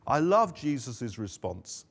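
Male pastor, mid-pitched voice, earnest sermon delivery with emphatic quotes. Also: sing-song, slow pace, a bit bright, slightly rough. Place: church service streamed online.

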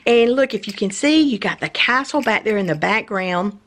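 A woman's voice: medium pitch, moderate pace, slight background noise. Gushing woman host unboxing collectible pins. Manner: gushing and excited, exclaiming often. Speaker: channel host. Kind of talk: unboxing haul video.

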